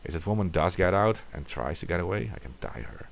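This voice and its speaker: A man's voice: low voice, lively intonation, fairly quick, gravelly. A man reading a classic horror story aloud in a dramatic way, sometimes dropping to a whisper.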